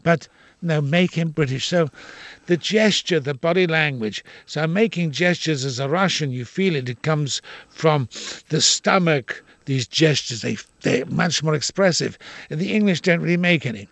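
An older man, an actor, telling indignant, expressive anecdotes in an interview. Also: fairly high pitch, normal speed, vocal fry, no room sound. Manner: expressive, indignant storyteller with quoted voices.

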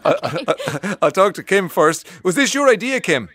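An Irish man hosting a radio interview show, chatty and quick to laugh, often restarting his sentences. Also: sits high, lively intonation, pushed and bright, no room sound.

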